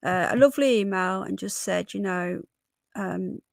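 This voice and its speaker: A woman in her early forties with a hoarse voice, hosting a casual livestream and chatting with viewers, calling them love and darling. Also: medium pitch, normal speed, a little mellow, dry recording. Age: 40s. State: hoarse from illness. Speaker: livestream host. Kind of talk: casual live chat.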